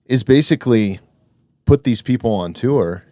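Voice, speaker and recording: A man hosting a podcast, chatting in a relaxed, reflective way with many fillers. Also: mid-range voice, moderate pace, no echo. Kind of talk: casual conversation.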